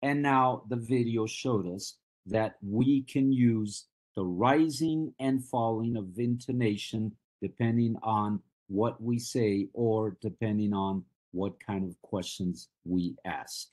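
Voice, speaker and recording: A Colombian man with a Spanish-speaking accent lectures an English class at an unhurried pace. His voice sits low and a little husky. He repeats his example questions carefully, with many "uh" fillers between them. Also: a little mellow. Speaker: English teacher.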